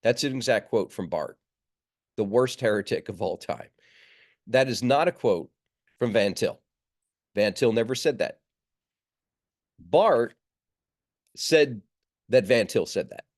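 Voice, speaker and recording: A man's voice: on the low side, lively intonation. Man lecturing over a video call. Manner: measured, with filler words and restarts. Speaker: seminary lecturer. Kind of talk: online lecture. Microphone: computer mic on a video call.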